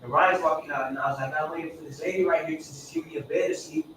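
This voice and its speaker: A man's voice: fairly high pitch, very animated, quick pace. A man sharing his recovery story in a group. He rambles, swears, repeats himself and acts out quoted dialogue. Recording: echoey room from far off with background noise.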